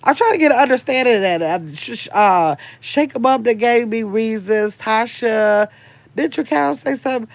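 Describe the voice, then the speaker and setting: A woman's voice: a little high, animated, moderate pace, no room sound. An older woman hosting a casual livestream, chatting and rambling as she reads viewers' comments aloud. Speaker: livestream host reading chat.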